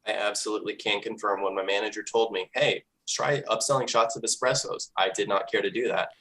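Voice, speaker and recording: Male co-host, low-pitched, relaxed and conversational. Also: fairly quick, low-quality recording. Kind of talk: casual podcast chat.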